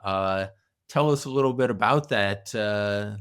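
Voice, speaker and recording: Guy hosting an interview, lowish voice, lots of uhs and you knows. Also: unhurried, fairly bright tone, clean tone. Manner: hesitant, many fillers. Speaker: host. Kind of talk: interview questions.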